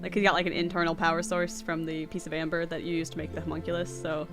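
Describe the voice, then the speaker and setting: A woman's voice: deep voice, level tone, quick pace, music in the background. A woman playing in a tabletop game, rambling with fillers and laughing often. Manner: rambling, filler-heavy, giggly. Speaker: player. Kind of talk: casual tabletop play.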